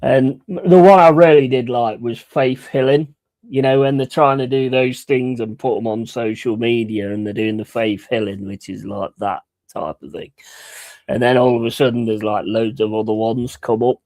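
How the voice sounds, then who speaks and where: A man's voice: mid-range voice, steady tone, moderate pace, darkish tone, no room sound. A man chatting casually on a live stream, rambling and swearing between chuckles.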